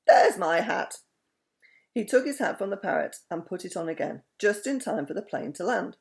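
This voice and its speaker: A woman reads a children's story aloud with lively, expressive animation. Her voice is medium in pitch, slightly creaky, and moves a little quickly.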